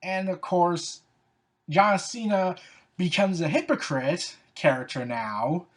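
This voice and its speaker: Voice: medium pitch, slow. A fan commentator talks through wrestling storylines in a loose, unscripted way. The delivery is sarcastic and openly exasperated, and it leans on "so, yeah" and "like" as fillers. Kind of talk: casual opinion commentary.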